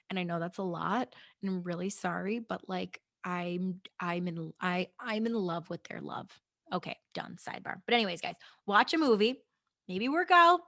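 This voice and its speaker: A woman's voice: medium pitch, fairly bright tone. Chatty young woman podcast host. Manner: chatty, swearing, many restarts and asides to listeners. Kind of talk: casual chat about goals and meditation.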